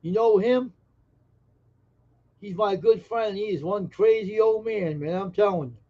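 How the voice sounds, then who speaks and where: A man's voice: high voice, a little slow, dull audio. A man hosting a casual live stream, joking brashly and teasing viewers in chat. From Massachusetts.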